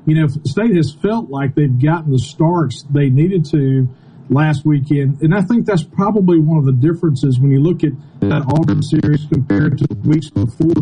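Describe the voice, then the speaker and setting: A man speaking as a baseball analyst over an internet call, measured and thinking aloud as he goes. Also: fairly high pitch, mellow, slightly rough, rough recording. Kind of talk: casual sports analysis.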